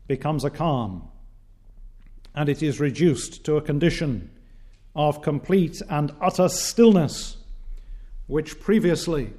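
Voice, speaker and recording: Slow, deliberate male preacher. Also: fairly high pitch, very animated, a little mellow. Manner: measured, declamatory preaching with frequent "uh" pauses. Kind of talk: sermon.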